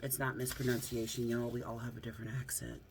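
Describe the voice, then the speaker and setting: A woman's voice: a bass voice, flat delivery, quick pace, creaky, heavy background noise. Chatty, rambling woman vlogger. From United States. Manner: rambling, chatty, frequent laughs and fillers. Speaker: YouTuber. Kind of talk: casual vlog chat. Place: at home, seated close to camera. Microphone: phone front camera.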